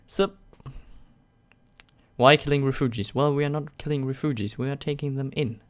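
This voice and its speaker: A man's voice: medium pitch, fairly even intonation, moderate pace. Sarcastic German man on a live stream. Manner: sarcastic, joking, laughs often. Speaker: YouTube channel host. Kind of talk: casual live-stream Q&A, reading chat aloud.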